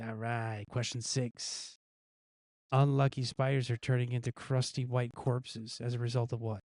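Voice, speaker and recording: Mellow-voiced man hosting a jokey quiz. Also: mid-range voice, flat delivery, moderate pace, dry recording, clean studio sound. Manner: jokey, reads quiz questions aloud and guesses the answers himself; chuckles at his own gag answers. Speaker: news show host. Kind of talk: casual live-stream news quiz.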